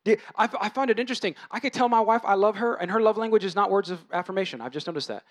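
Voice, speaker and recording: A man in his thirties with a notably high voice preaches a sermon in a loose, chatty way. He restarts phrases, jokes about home life and acts out voices as he goes. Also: rapid-fire. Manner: conversational, animated, acts out quoted voices. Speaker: pastor.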